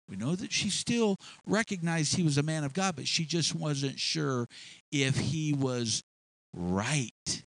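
A man's voice: sits high, fairly bright tone, no echo, poor audio. A man preaching a sermon with emphatic delivery that rises and falls. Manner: emphatic, rising and falling delivery.

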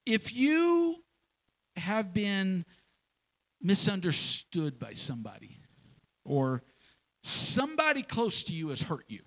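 Animated man preaching a folksy sermon. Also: high-pitched, slow, long pauses, rough recording. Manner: folksy, animated preaching with homespun examples and repeated phrases. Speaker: pastor.

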